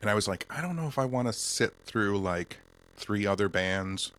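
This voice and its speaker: Laid-back male guest from Michigan, lowish chest voice, rambling storyteller. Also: moderate pace. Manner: relaxed, rambling, keeps his voice in his chest. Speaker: podcast guest. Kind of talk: casual interview chat.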